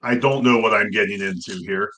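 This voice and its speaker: Bright-voiced man, hesitant and unsure. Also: lowish voice, a little fast. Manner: hesitant, unsure, many fillers. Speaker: podcast guest. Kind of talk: casual chat, food taste test.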